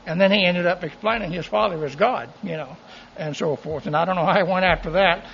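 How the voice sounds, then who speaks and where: A man preaching a sermon, folksy and animated, with joking asides. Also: high-pitched, a little fast, gravelly, muffled recording, slight background noise. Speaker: pastor.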